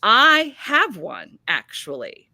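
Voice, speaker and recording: A woman's voice: on the high side, huge pitch swings, slow, bright, forceful tone, no room sound. A woman hosting a live book chat, bubbly and gushing, laughing often. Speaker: book channel host. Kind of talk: live-stream casual chat.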